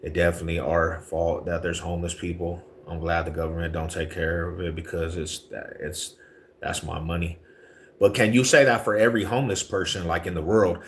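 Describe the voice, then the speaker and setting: Deep voiced dude on a live stream, slangy and laid back, gets worked up ranting. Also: male voice, level tone, a little fast, a little hiss or hum. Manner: laid-back slangy talk, rising to heated rants. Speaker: livestream host. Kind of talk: casual livestream chat reading viewer comments.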